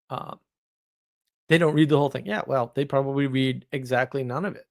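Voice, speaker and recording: A man's voice: mid-range voice, brisk, creaky, dry recording, clean studio sound. A man hosting a casual livestream, reading viewer comments aloud and answering them in a wry, argumentative way, laughing often. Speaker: livestream host.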